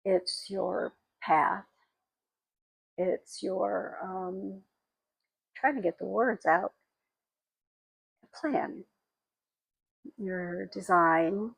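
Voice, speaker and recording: A woman in her sixties telling personal memories in a halting, reflective, tearful way. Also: mid-range voice, fairly even intonation, gravelly, slightly rough, no echo, rough recording. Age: 60s. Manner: halting and reflective, with frequent pauses and fillers; tearful and emotional. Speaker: spiritual vlogger. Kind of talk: personal memoir monologue.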